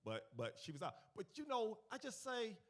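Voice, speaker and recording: In a church gathering, a man teaches a finance sermon to the congregation, telling stories, leading call-and-response, and repeating key phrases. His voice is high-pitched at a moderate pace. His animated storytelling swings from quiet to loud.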